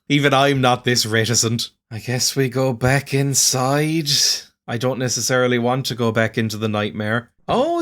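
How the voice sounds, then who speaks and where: A man plays an odd old adventure game and narrates his confusion. He rambles, teases himself and laughs often. His voice sits at a middle pitch. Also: a bit bright. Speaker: let's-play gamer. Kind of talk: casual gameplay commentary.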